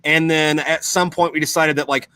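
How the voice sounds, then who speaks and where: A man chatting on a podcast who tells long, meandering stories packed with swearing. His voice is bright and sits a little high. The sound is dry and close to the mic. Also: fairly even intonation, normal speed, clear, resonant tone, no echo. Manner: profane, rambling storyteller. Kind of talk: casual podcast chat.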